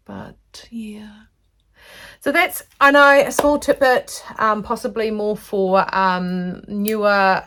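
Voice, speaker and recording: In this relaxed sewing tutorial vlog, an Australian woman chats away, drifting between subjects in a rambling, self-aware style. She speaks in a mid-range voice with a fairly bright tone.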